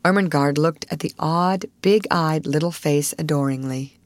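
A woman narrating a classic novel aloud with an expressive storytelling cadence. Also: deep voice, normal speed, no room sound. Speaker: audiobook narrator.

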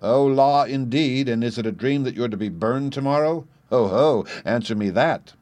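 A man's voice: medium pitch, normal speed, a little mellow, dry recording, voice pushed up, lightly acted. A man doing a timid, frightened page boy. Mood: teasing. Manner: pleading, old-fashioned speech. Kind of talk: audiobook character voice.

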